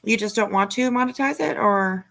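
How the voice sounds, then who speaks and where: A woman's voice: mid-range voice, moderate pace, gravelly, a bit bright. A woman hosting a casual live stream, chatting and teasing as she reads out viewer comments.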